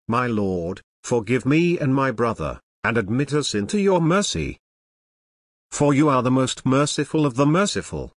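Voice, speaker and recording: A man reading a scripture translation aloud in a solemn, measured way, pausing after each short clause. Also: medium pitch, no room sound. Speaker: scripture reader.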